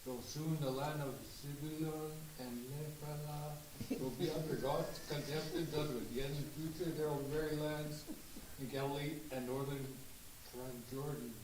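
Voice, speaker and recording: A man's voice: fairly high pitch, steady tone, normal speed, noisy background. Distant man reading in a very echoey room. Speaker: group member reading scripture. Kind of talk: reading aloud.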